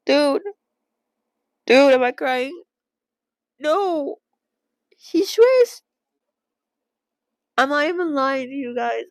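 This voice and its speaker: A young woman reading a novel aloud in a casual read-along and reacting emotionally, with halting restarts and gasps. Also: high voice, dry recording.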